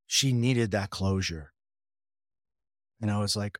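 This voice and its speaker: A man's voice: lowish voice, normal speed, pauses often, no room sound, studio quality. A man telling his personal story in a conversational way, retelling what others said with frequent restarts and wry, self-deprecating asides. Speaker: interview guest.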